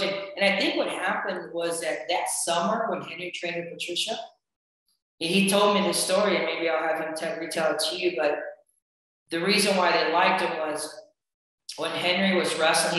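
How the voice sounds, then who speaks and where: Man in a very echoey room. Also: fairly high pitch. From United States. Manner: relaxed, rambling, frequent fillers and restarts. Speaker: wrestling coach and podcast guest. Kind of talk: casual interview storytelling.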